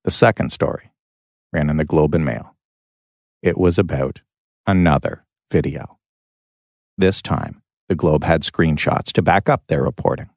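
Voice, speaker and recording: A man narrating a documentary podcast in a measured, scripted way and interviewing a guest. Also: a bass voice, vocal fry, no room sound, studio quality.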